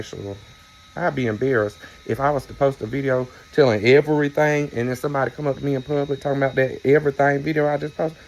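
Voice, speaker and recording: A man's voice: medium pitch, steady tone, fast, gravelly. A man, chatting casually to his viewers in a rambling, storytelling way with playful teasing asides. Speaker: vlogger. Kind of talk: casual chat to camera.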